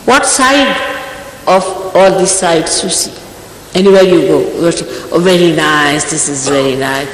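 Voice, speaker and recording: A woman gives an earnest, scolding spiritual talk to her followers. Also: medium pitch. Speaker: spiritual teacher. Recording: echoey hall recording, faint noise.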